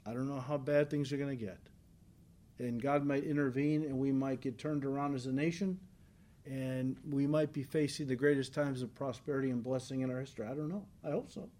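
A man's voice: mid-range voice, fairly even intonation, a little fast, mellow. A male pastor giving an earnest, emphatic sermon to a congregation in church. He repeats key lines for stress and often checks in with "right?".

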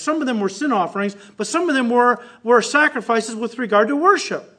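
A man preaching a sermon in an animated way, acting out the voices of the people and God as he speaks. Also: brisk. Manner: animated, acts out quoted voices with rising pitch. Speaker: pastor.

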